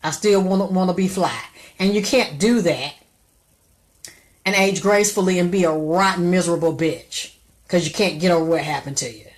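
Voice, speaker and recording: With a lowish voice, a middle-aged woman runs a live stream full of blunt, profane, preachy advice. Every so often she breaks into loud exclamations.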